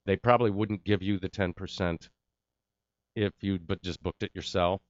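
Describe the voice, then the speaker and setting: A man's voice: low voice, fairly even intonation, normal speed, no echo, highs cut off. A middle-aged man telling a casual story about his acting career, acting out the voices of the people he quotes.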